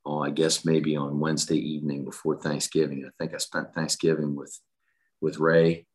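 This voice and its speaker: Football coach with a very low, monotone voice, steady recollection. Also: male voice, moderate pace. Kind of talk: interview recollection.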